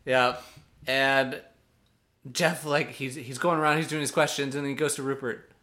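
Bright-toned, easygoing male podcast co-host. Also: medium pitch, steady tone, normal speed. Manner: easygoing recapper who chuckles often. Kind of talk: casual chat recapping a reality show.

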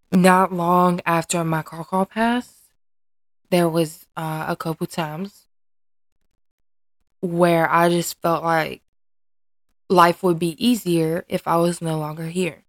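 A woman with a low, gravelly voice talks openly on her personal podcast. She speaks earnestly and hesitantly, often stopping and restarting as she looks for words. The recording is close and dry, with no room sound. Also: steady tone, takes it slowly, long pauses, no echo. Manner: earnest and emotionally open. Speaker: podcast host and mother. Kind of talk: candid personal podcast monologue.

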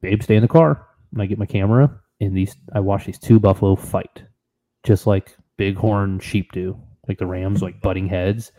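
Low, dark-voiced man telling stories. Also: moderate pace. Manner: animated, excitable storyteller. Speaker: podcast co-host. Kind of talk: casual storytelling chat.

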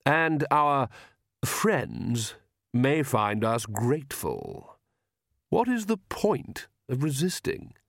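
A smug young gentleman vampire from a storybook, fussy and faintly mocking, as a male reader puts him on. His voice sits at a middling pitch and sounds close and dry. He drawls with lazy amusement. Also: big pitch swings, slow pace, creaky, dry recording, heavily acted.

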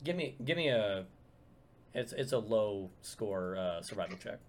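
A man running a tabletop game as game master, talking in a halting way with many fillers and restarts. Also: lowish voice, expressive. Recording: loud background guitar music.

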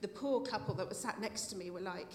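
A woman's voice: medium pitch, a little fast. Heartfelt woman in an echoey hall. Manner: heartfelt, tearful at times, with soft laughs. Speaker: church member giving a testimony. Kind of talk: personal testimony at a church meeting. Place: church meeting room. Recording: echoey hall with faint noise.

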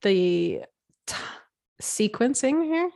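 A woman's voice: mid-range voice, big pitch swings, slow, gravelly, warm tone. A woman in casual chat, reviewing a TV series and thinking aloud with lots of "like". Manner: chatty, thinks aloud with frequent "like".

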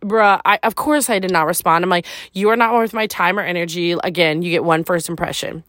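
Speaking fairly quickly in a lowish, slightly bright voice, a woman hosts her own podcast with studio-quality, echo-free audio. She tells a personal story in a candid, casual way, leaning heavily on "like" and swearing freely.

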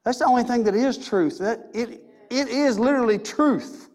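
A man's voice: extremely high pitch, moderate pace, darkish tone. A man preaching a sermon in a church, emphatic and repetitive, with many rhetorical questions. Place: church sanctuary.

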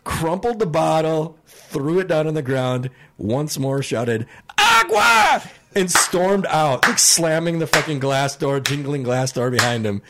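A young man spinning a story on a casual podcast. He talks in a loose, profane way, often breaks into laughter, and shouts out the lines he quotes. His voice sits at an ordinary middle pitch. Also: a little slow, few pauses, a little hiss or hum. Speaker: podcast co-host.

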